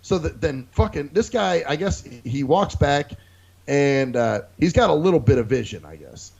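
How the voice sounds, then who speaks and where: A man's voice: a little high, sing-song, normal speed, creaky, darkish tone, slightly rough. A man co-hosting a casual podcast, telling a profane story and acting out other people's lines. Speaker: podcast co-host. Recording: dull lo-fi recording.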